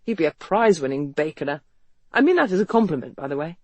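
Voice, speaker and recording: Narrator plays a sardonic young man, light teasing patter, lively pitch. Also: fast talker, no echo. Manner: light aimless banter in mock cheer.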